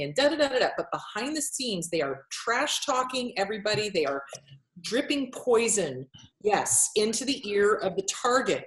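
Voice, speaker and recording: A woman's voice: mid-range voice, big pitch swings, moderate pace, reverberant. A woman therapist in casual interview talk, blunt and swearing freely, acting out quotes as she explains. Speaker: therapist and author.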